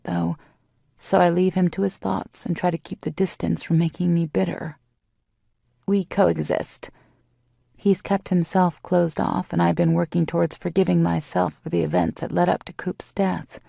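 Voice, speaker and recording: Gravelly, low-voiced female audiobook narrator. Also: level tone, normal speed, warm tone, no echo, studio quality. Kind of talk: first-person romance audiobook narration.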